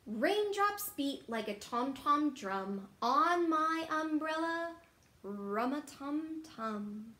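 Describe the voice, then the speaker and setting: Woman teacher for a storytime read-aloud, playful and animated, in a room with noticeable echo. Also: sits high. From Texas. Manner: playful and animated, pauses for kids to guess, hushed asides. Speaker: teacher reading to children. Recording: roomy echo.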